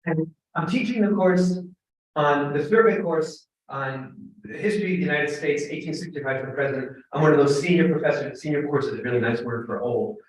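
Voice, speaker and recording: A middle-aged man, a professor giving a humorous storytelling talk, animated and joking with bursts of emphatic shouting. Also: fairly high pitch, fairly quick. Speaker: guest lecturer, professor. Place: large echoing temple hall. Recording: echoey hall from far off.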